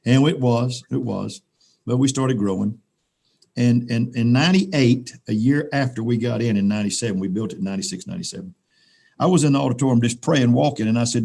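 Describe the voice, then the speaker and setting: A man's voice: lowish voice, dark tone. An older man, a pastor telling a personal story in a folksy way with many restarts, speaking on a video call. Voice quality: gravelly.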